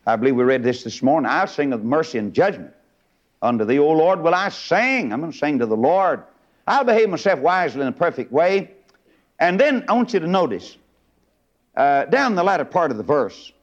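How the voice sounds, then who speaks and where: A fiery middle-aged preacher with a drawl, his voice lively and leaping up high and then dropping low. He preaches a fiery sermon in a slightly high register, captured on a dull, lo-fi recording. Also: normal speed. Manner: fiery, swinging from loud highs to low asides.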